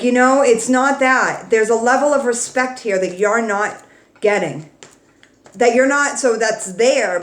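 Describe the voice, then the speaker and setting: A woman's voice: on the high side, roomy sound. Blunt, affectionate woman reading tarot. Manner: blunt, swears freely, pep-talk tone; emotional, warm and affectionate toward viewers. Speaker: tarot reader. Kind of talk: casual tarot reading to camera.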